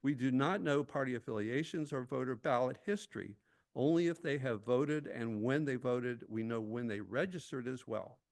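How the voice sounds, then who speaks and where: Intense gravelly man giving public comment. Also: mid-range voice, moderate pace. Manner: intense, reading from prepared remarks with asides. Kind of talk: prepared public comment at a town hall.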